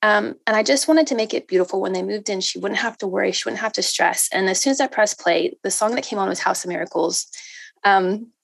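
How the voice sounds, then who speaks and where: A woman in her thirties giving a personal faith testimony to a group, emotional and halting, with many fillers and restarts. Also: mid-range voice, creaky, husky, dry recording. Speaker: speaker sharing a testimony.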